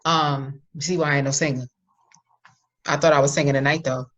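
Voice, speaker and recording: A woman co-hosting a podcast in casual chat, animated and jokey, laughing often. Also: deep voice, a little fast, muffled recording. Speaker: podcast co-host.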